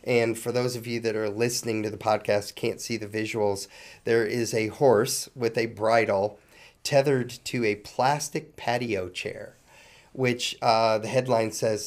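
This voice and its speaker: A man's voice: fairly low pitch, fairly even intonation, a little slow, a little mellow. A man co-hosting a podcast in casual chat, prompting his partner and musing in a conversational way. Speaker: podcast co-host.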